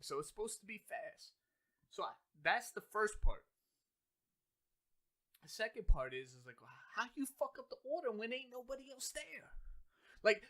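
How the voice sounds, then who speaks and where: A man rants on a casual podcast, and his voice sits high. He talks in loose, animated bursts, full of slang and swearing. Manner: animated ranting, heavy profanity, slangy. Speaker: podcast co-host. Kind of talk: casual chat.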